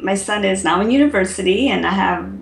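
Fortyish woman guest, bit of gravel in the voice, says um a lot, roomy echo. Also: mid-range voice, a little hiss or hum. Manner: warm, measured, with frequent ums. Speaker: guest, product creator. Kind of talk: casual interview chat. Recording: echoey room.

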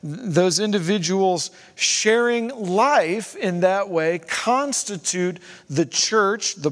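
A man preaching a sermon as pastor, conversational, with rhetorical questions and asides to his congregation. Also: high-pitched. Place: church sanctuary. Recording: long hall reverb.

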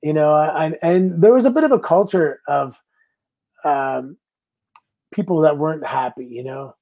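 Middle-aged guy from canada, guest on a chat show, slightly high mellow voice, acts out quotes as he tells stories. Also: moderate pace. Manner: storytelling, acting out quoted lines. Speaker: guest, pro wrestler. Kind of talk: casual interview chat.

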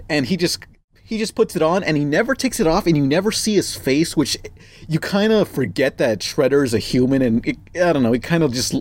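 A young man talks through a movie in a loose, rambling way, with a slightly higher voice than most men. He laughs often, swears freely and trips over his words as he goes. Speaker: podcast co-host. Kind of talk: casual movie review chat.

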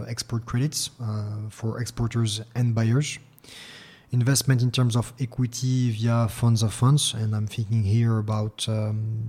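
Formal man speaking in a flat monotone. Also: medium pitch. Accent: French. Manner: measured, formal, with frequent fillers and repeated words. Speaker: regional head at a public investment bank. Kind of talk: business interview.

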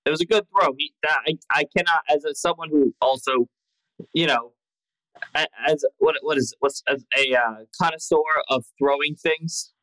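A man's voice: a little high, normal speed, a bit bright, no echo, rough recording. A man playing a tabletop game, stammering through restarts and joking with the table. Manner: stammering, restarts a lot, laughs. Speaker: player. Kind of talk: casual tabletop banter.

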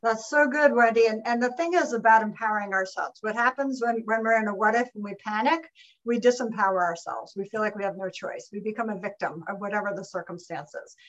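A woman guest on a webinar, telling an animated, lively anecdote. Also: medium pitch, fairly quick, muffled recording. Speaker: guest speaker. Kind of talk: webinar storytelling.

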